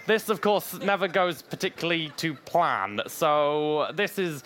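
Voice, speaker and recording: A hoarse man from Wales, giving a technical conference talk with dry humorous asides. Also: on the high side, unhurried, fairly bright tone, a little hiss or hum. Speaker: conference speaker.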